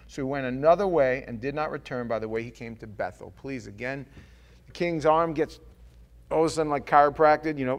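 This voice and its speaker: This man, a pastor, gives a sermon built around animated stories where he voices the characters himself. His pitch is medium and his pace slightly quick.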